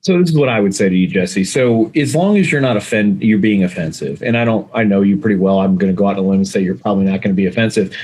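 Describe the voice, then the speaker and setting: A man's voice: on the low side, quick pace, few pauses, darkish tone, slightly rough. A man speaking as a communication coach and guest, giving emphatic, direct advice in a conversational way.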